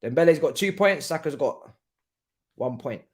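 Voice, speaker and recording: With a fairly high pitch and normal speed, a young livestream host reacts to a football match during a watchalong. His slangy, excitable chatter is full of laughs and moves from loud bursts to quieter asides.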